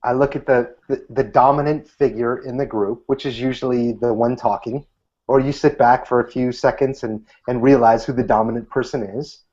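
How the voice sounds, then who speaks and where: A man's voice: medium pitch, normal speed. A man in his thirties, a guest magician, giving casual interview answers and acting out what he says to people in a lifted voice. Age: 30s. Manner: animated, acts out quoted lines in a lifted voice. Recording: dull lo-fi recording.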